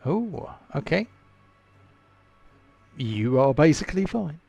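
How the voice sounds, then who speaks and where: A man running a tabletop game as game master, thinking aloud with frequent fillers and halting restarts. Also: a little high, big pitch swings, gravelly, a little mellow, slightly rough, no echo, muffled recording, soft background music.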